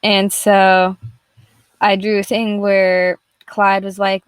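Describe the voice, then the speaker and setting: A woman's voice: mid-range voice, flat delivery, slow pace, smooth, no echo. Young woman artist talking through a live drawing stream, loose and rambling, swears freely, mid-range voice, dry close-mic sound. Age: young adult. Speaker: artist streaming her work. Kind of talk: casual live-stream chat.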